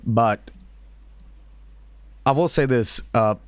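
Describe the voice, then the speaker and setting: A man streaming, casually reacting to videos with lively laughs and swearing. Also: medium pitch, extremely slow, clear, resonant tone, dry recording.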